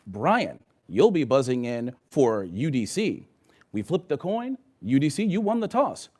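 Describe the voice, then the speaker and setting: A man's voice: mid-range voice, big pitch swings, a little slow, darkish tone, breathy edge. A man hosting a quiz show, explaining the setup in a friendly way.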